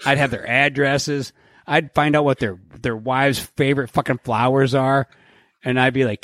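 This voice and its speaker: This podcast co-host has a medium-pitched, fairly even voice, slightly bright, delivered at a moderate pace. Recorded dry and at studio quality, he chats casually, cursing freely, joking around and performing made-up dialogues.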